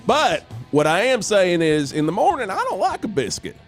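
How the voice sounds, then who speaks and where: A man's voice: sits high, sing-song, moderate pace, faint music behind. A man playing a folksy, rambling trucker who fills in as a radio host in an improvised comedy parody, easily sidetracked.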